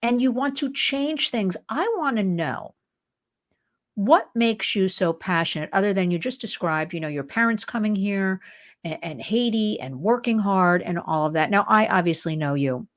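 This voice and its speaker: An older woman from New Jersey hosting an interview show, talking in an excited, emphatic, chatty way. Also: medium pitch, normal speed. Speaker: host.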